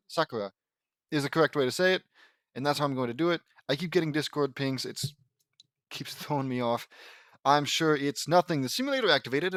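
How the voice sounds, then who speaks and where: A man's voice: fairly high pitch, fairly bright tone, no echo, studio quality. Rambling man reading fan fiction. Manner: rambling, self-deprecating, easily sidetracked. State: sore throat. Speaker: fan fiction audiobook reader.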